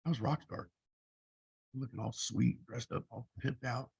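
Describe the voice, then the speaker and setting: Very gravelly, husky man in his fifties. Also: mid-range voice, fairly even intonation, moderate pace, darkish tone, no room sound. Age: 50s. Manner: blunt, profane, rambling with restarts. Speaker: life coach. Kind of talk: casual personal storytelling.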